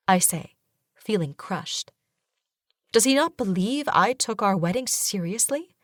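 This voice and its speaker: A woman giving steady, measured first-person narration of a romantasy audiobook. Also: medium pitch, no echo, clean studio sound.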